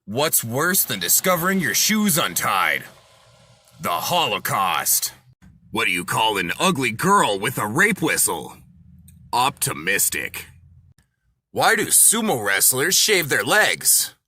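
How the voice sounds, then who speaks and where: A man reading dark one-liner jokes, dropping deadpan into the punchlines. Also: medium pitch, slow pace, husky. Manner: deadpan punchline delivery with lively swings. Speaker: comedy content creator.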